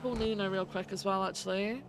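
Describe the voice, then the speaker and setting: Playing a police lieutenant in a role-play stream, this woman talks fast in a mid-range, fairly even voice, swearing freely as she welcomes viewers by name. She feels she's losing her voice, and background noise is audible.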